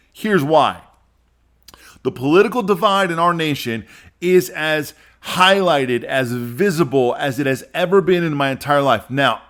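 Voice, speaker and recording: A man's voice: fairly high pitch, a bit bright. A man in his forties hosting a solo podcast, talking earnestly into a microphone, rambling and repeating himself. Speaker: podcast host. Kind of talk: casual solo podcast monologue.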